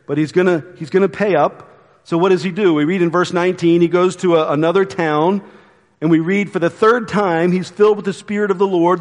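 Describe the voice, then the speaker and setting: A pastor preaching a sermon in a casual, conversational way with quick asides. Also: male voice, sits high, long reverb tail. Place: church.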